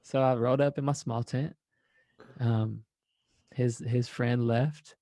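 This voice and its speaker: A man's voice: mid-range voice, fairly even intonation, slow, dark tone, no room sound. A man, a former college basketball player, guesting on a podcast and telling rambling, profane stories in a laid-back way. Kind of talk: casual storytelling.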